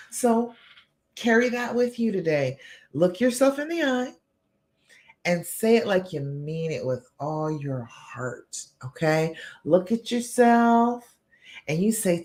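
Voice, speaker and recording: Reassuring woman coaching live viewers. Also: mid-range voice. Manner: warm, reassuring, talks straight to viewers; frequent "all right?" and "okay?" check-ins. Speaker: relationship coach, live show host. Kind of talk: live-streamed coaching talk.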